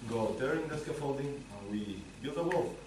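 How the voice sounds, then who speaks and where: A man playing Alquist, a calm, reflective builder, in an amateur stage play, speaking with some hesitation. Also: mid-range voice, moderate pace, lightly acted. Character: calm, pious middle-aged male builder Alquist. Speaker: student actor in a stage play. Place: stage or classroom. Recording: echoey room, far from mic, faint noise.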